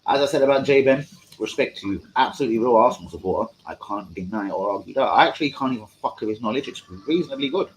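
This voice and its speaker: On his live fan stream, a young host goes on a football rant, profane and combative, mocking his chat. He talks fast in an animated, mid-range voice. The recording is rough, with a little hiss or hum.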